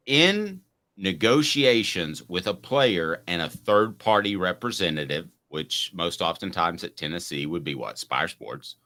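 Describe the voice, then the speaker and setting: A man with a very low voice hosts a casual sports talk show. He swings widely in pitch and sounds bright and forceful, often restarting sentences as he works through a point. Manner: rambling, restarts mid-sentence.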